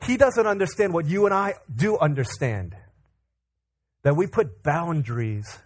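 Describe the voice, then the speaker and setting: A man preaching a sermon, telling a family story in an animated way, acting out quotes and laughing often. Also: mid-range voice, slightly rough. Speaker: pastor. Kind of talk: sermon with personal stories.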